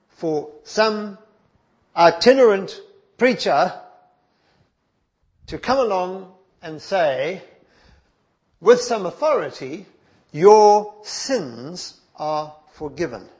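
Aussie guy preaching a sermon, slow and deliberate, slightly higher voice, goes quiet for asides. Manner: measured, emphatic, drops to soft asides.

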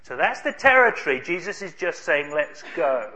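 A man preaching a sermon, telling a story in an emphatic way with dramatic pauses. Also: high-pitched, very animated, sharp tone.

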